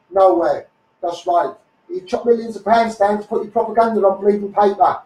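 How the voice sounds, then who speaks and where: Hoarse, ranting Scouse man. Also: high voice, fairly even intonation, a little mellow. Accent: Liverpool. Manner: rapid, combative ranting, repeating phrases, calling viewers mate. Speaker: activist livestreamer. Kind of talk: ranting Facebook live stream. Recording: echoey, mic held at a distance.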